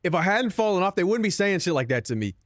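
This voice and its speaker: A man's voice: high-pitched, very animated, quick pace, fairly bright tone, no echo, studio quality. A young man streaming and chatting casually with his viewers, joking, swearing and mocking himself. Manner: self-mocking, profane, joking.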